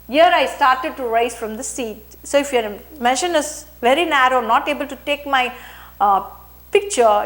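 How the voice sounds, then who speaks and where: Woman teacher, high voice, explains a story line by line, acts out the characters' words. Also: moderate pace. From India. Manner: rereads and paraphrases each line, acts out the quoted speech. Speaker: English teacher.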